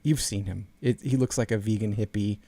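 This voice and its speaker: A man's voice: lowish voice, fairly even intonation, fairly quick, mellow, no echo. A man co-hosting a podcast in casual chat, rambling and restarting his sentences. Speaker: podcast co-host.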